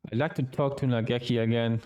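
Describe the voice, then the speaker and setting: A man streaming a visual novel, reading the game's dialogue aloud with quick asides of his own. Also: medium pitch, steady tone, mellow, clean tone.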